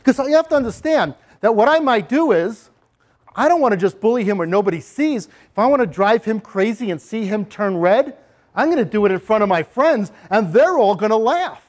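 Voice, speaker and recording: A man with a high, very lively voice gives a talk on bullying prevention. He slips into the first person as the bully to make his points, swooping up and down as he goes. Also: a little fast. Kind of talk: lecture with role-play.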